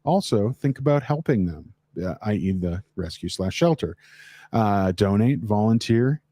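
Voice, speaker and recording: A man's voice: lowish voice, lively intonation, a little slow, mellow, no room sound. A man co-hosting a live-stream chat show, rambling and joking as he talks.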